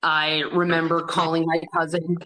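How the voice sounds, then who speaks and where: Low-voiced woman recounting a painful memory. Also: monotone, bright, forceful tone. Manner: earnest, halting retelling of a painful memory; acts out others' words in quoted dialogue. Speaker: podcast guest. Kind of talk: personal storytelling in an interview.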